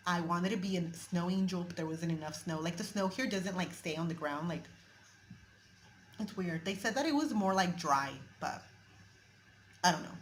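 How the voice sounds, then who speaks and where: A woman's voice: low-pitched, a little hiss or hum. A young woman vlogger chatting casually and gushing, saying "like" a lot as she tells a story and tours historic buildings on a handheld camera. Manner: bubbly, gushing, says "like" a lot. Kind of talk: casual vlog chat and tour narration. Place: outdoors and in historic buildings while touring.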